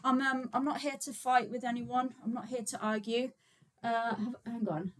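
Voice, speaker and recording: Her voice is a little high and a bit bright, steady in tone and moderate in pace. A woman from Birmingham, England, she hosts a casual livestream as a vegan activist, chatting informally with viewers and using lots of fillers while setting up.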